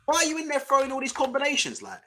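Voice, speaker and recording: A man's voice: extremely high pitch, huge pitch swings, rapid-fire, bright, forceful tone. A young man hosting a casual boxing live stream, blunt and swearing, often laughing as he rants. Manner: blunt, swearing, laughs a lot while ranting. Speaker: boxing channel host.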